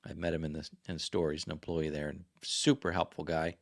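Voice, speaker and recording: A man's voice: rumbling low, flat delivery, a little fast. A man hosting a casual livestream chat, rambling and chatty and often correcting himself. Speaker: livestream host.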